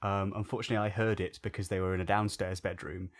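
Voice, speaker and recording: A man's voice: low voice, fast talker. A young man, a podcast co-host telling a story in casual chat, with lots of restarts. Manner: animated storyteller, swears freely, many restarts.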